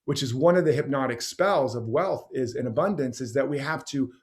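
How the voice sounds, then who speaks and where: A man's voice: mid-range voice, brisk. A man being interviewed as a guest teacher, talking passionately and rambling through stories and examples. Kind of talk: conversational interview.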